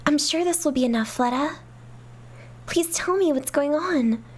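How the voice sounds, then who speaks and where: A woman's voice: high-pitched, unhurried, voice pushed up. A woman voicing an earnest young girl who pleads for answers, in a fan dub of game dialogue. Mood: pleading. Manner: pleading, sincere.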